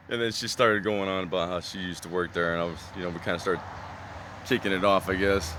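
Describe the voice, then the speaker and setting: A man's voice: deep voice, steady tone, a little fast, background noise. A man vlogging in a casual, rambling way, full of fillers and "right?" tags, earnest and reflective.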